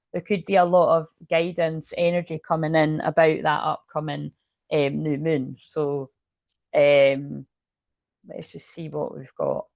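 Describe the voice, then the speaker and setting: Scottish woman, tarot reader, casual and rambling, low-ish voice, dry close recording. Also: vocal fry, no room sound. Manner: rambling, chatty, swears freely. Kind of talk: casual tarot reading to viewers. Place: room at home.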